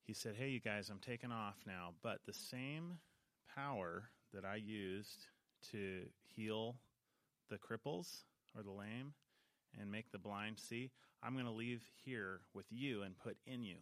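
A man's voice: lowish voice, unhurried, a bit bright, dry recording. A man leading kids in church, casually teaching and quizzing them before a song. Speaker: children's minister.

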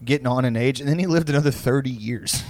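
A man's voice: medium pitch, quick pace, darkish tone. A young man co-hosting a podcast, telling rambling, profane stories in casual chat. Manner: profane, rambling storytelling with frequent laughs. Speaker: podcast co-host.

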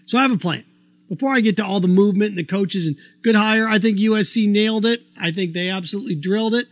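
This man's voice sits high as he hosts a sports talk show, arguing his opinions in an animated monologue. He leans heavily on rhetorical questions, and there's no room sound.

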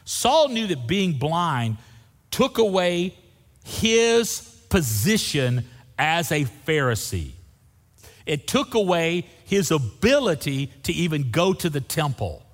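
A man's voice: on the high side, very animated, slow. Folksy preaching man in a reverberant hall. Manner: folksy, humorous preaching with Southern "y'all". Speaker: pastor. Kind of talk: sermon.

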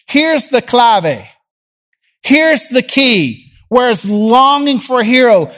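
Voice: medium pitch, fairly bright tone. A preacher from Tennessee, giving a sermon as a conversational story and acting out the people in it. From Jackson, Tennessee.

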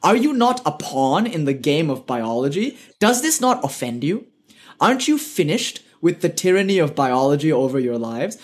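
A man's voice: on the high side, very animated, normal speed. A man with a British accent giving a live online lecture as a spiritual teacher, earnest and fond of rhetorical questions, with light joking asides.

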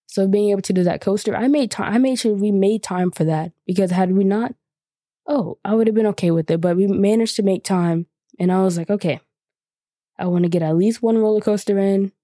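A young woman hosts a podcast and tells a casual story full of 'like' fillers. Her voice is mellow, and the close recording is dry, with no room sound. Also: mid-range voice, no room sound. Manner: chatty, lots of 'like' fillers. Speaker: podcast host.

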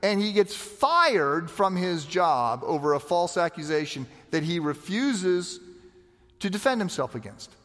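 A pastor preaching with a high voice, in a chatty and animated way, often restarting and repeating words. His voice carries the long reverb of a large hall. He sounds like a man talking straight to his congregation. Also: unhurried. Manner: conversational, animated, repeats words when starting sentences. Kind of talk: sermon.

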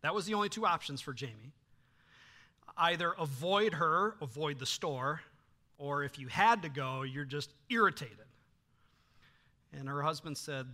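A middle-aged man preaching from the pulpit, his voice sitting fairly high and sounding very bright and forceful. He tells stories in a lively way, stumbling through fillers and restarts as he goes. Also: moderate pace. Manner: animated storytelling with frequent fillers and restarts. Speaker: pastor. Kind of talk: sermon.

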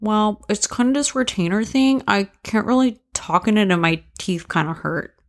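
A woman's voice: mid-range voice, moderate pace, natural voice. A woman voicing a bashful, apologetic woman stuck with a retainer, talking hesitantly in a comic sketch.

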